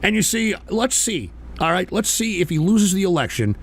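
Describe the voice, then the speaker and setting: Gravelly, lively, ranting male radio host. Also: sits high, normal speed. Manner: profane, combative, shouts at trolls. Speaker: livestream political talk host. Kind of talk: ranting live political commentary.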